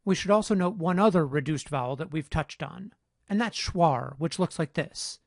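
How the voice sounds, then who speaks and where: A man delivers a phonetics lesson in a measured, exact way, his voice sitting a little high. The sound is close and dry, with no room around it. He spells out each point with steady care. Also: gravelly, dry recording. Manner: measured, precise, explanatory. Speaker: phonetics instructor. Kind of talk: scripted lecture narration.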